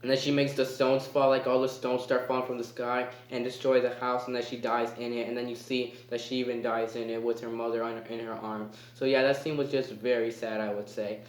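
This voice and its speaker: A man's voice: mid-range voice, flat delivery, fairly quick, few pauses. A man giving a casual spoken movie review. He rambles and hesitates, with lots of fillers. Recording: echoey room.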